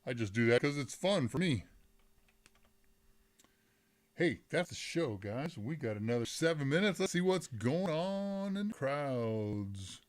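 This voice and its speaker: A man's voice: mid-range voice, expressive, normal speed, few pauses. A middle-aged man hosts a live tech Q&A stream from his desk microphone. He chats casually and rambles, often breaking off mid-sentence to restart. He reads the viewers' chat aloud and laughs as he goes.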